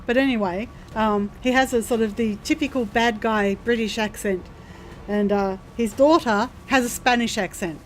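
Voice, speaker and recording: A woman's voice: on the high side, moderate pace, a little hiss or hum. Chatty woman streamer explaining a game. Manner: chatty, thinks aloud, explains game mechanics. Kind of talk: casual gameplay commentary.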